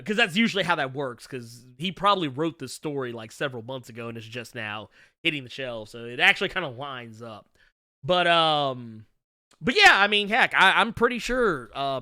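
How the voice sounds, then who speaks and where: Bright, lively-voiced man chatting. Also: fairly high pitch, no room sound, clean studio sound. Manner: jokey, bursts into loud laughter. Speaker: comics livestream host. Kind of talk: casual chat answering viewer questions.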